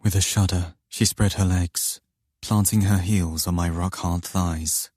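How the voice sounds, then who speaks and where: A man narrating an audiobook in first person, in a slow, low, intimate and brooding manner. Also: fairly even intonation, darkish tone, husky, no echo, clean studio sound.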